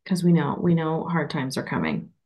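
A woman's voice: sits low, sing-song, normal speed, a little mellow. A woman from Minnesota with a Minnesotan accent, a podcast guest talking earnestly in long winding sentences. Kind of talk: casual interview chat.

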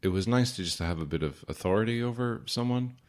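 Man, low voice, wry, sarcastic, casual podcast storytelling. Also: expressive, fast talker. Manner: wry, sarcastic anecdotes with mock-formal asides. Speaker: podcast host.

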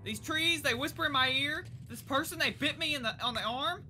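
A young woman gaming YouTuber giving excitable, chatty let's play commentary. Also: sits high, fairly quick, faint music behind. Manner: excitable, chatty, reacts out loud.

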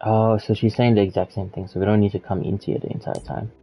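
A man's voice: on the low side, flat delivery, fast talker, lo-fi sound, faint music behind. A man streaming a video game, reacting casually, swearing now and then, and reading in-game text aloud. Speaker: gaming streamer. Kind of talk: let's play commentary.

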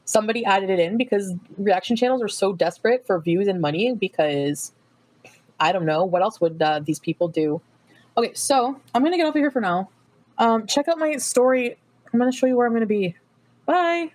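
A woman's voice: medium pitch, expressive, brisk, a little mellow. A woman chatting casually on a livestream, rambling from topic to topic and laughing often.

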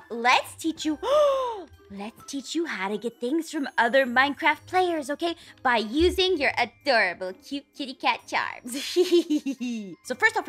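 A woman voicing a playful, mischievous mama cat in a Minecraft roleplay, giggly and excitable. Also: high voice, exaggerated voice. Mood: chirpy. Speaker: creator and narrator. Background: game music.

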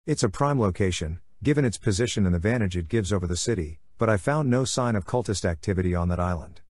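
A commanding male inquisitor speaks firmly and with authority, voiced by a man reading a story. His voice sits low. The recording is dry. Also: expressive, fast talker, darkish tone, no echo. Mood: stern. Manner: firm and authoritative.

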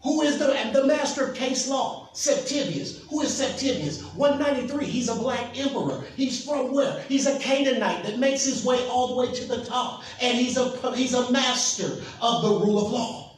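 A pastor preaching a sermon, emphatic and asking the congregation questions. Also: male voice, extremely high pitch, normal speed, hardly any pauses. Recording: echoey hall from far off, faint noise.

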